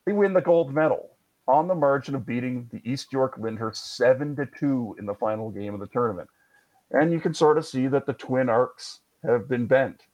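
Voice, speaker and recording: A man's voice: mid-range voice, moderate pace, darkish tone, muffled recording. A man hosting a podcast, telling sports history in a chatty, wry way with jokey asides. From Canada. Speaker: podcast host. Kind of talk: conversational history storytelling.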